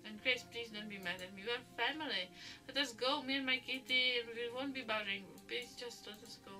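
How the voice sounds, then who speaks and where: A woman's voice: fairly high pitch, a little fast, bright, forceful tone, far from the mic, faint music behind. A woman reading the lines of a frightened young girl from a game, earnest and pleading.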